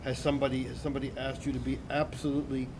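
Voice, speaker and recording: A man's voice: medium pitch, level tone, rapid-fire. A man coaching singers in a masterclass, explaining patiently and often restarting his sentences. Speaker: vocal coach. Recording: noisy room recording.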